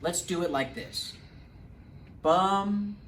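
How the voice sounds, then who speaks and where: A man hosts a children's storytime, his voice swooping up and down with lively encouragement as he takes it slow for the little ones. He sounds a bit distant in a roomy space, with a faint hum underneath. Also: on the high side. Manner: animated, encouraging, speaks slowly to little ones. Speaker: children's librarian.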